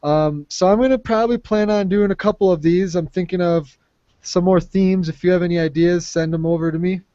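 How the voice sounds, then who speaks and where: A man's voice: sits high, steady tone, fairly quick, dark tone, no room sound. Easygoing man hosting a call. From Minnesota. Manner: friendly, easygoing, fillers and restarts. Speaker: host of a language exchange call. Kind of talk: casual group conversation. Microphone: video call. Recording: muffled online call audio.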